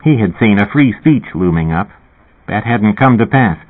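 A man reading a first-person novel aloud in a measured, dry storytelling manner. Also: on the low side, expressive, breathy edge. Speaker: audiobook reader. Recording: tinny phone-like audio.

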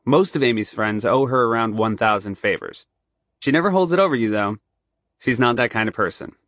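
A middle-aged man with a nasal sound from a fresh broken nose. He speaks at a mid pitch in a dry, close-miked studio booth, with wry, deadpan jokes and a steady reading voice. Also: brisk, no echo. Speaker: guest reader. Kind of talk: playful banter, then scripted reading. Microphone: studio microphone.

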